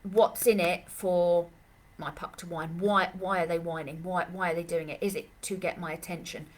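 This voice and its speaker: A woman's voice: fairly low pitch, steady tone, normal speed. A woman dog trainer answering questions in a live Q&A, chatty and rambling, with lots of fillers and restarts, speaking. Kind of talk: live Q&A session.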